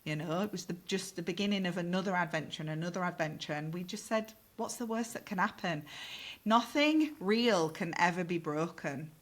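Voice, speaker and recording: A middle-aged woman tells a story on a podcast in a fairly low voice. She talks in a lively, unguarded way and swears freely. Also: fast, few pauses. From north of England. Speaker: podcast guest. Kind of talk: casual storytelling.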